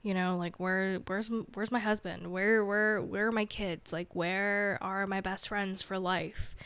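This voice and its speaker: A woman's voice: medium pitch, steady tone, a little slow, a bit bright, clear, resonant tone, no echo. Young woman rambling chattily, dry sound. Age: young adult. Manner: rambling, heavy use of filler "like", candid and chatty. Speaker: podcast host. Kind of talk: casual solo chat.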